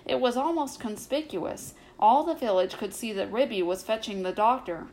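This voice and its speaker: A woman reading a bedtime story aloud as narrator, calm and measured. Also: a little high, rough recording.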